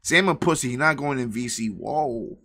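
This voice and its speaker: A young man hosting a live stream, reacting in slangy, profane bursts of commentary. His voice has a bright, forward edge and sits at a middle pitch for a man. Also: moderate pace. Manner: slangy, profane, excitable outbursts. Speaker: livestream host.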